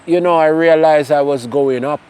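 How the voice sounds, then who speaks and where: Animated Jamaican man telling his story. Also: a little high, moderate pace, slight background noise. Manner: animated storyteller mixing in patois. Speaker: interview guest. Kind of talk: personal testimony in casual conversation.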